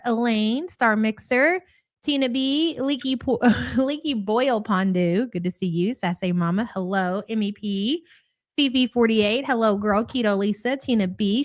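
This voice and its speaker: A woman's voice: fairly high pitch, no room sound, clean studio sound. Chatty woman hosting a live stream. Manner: chatty, reels off viewer names, blunt and swears freely. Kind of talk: casual live chat, greeting viewers.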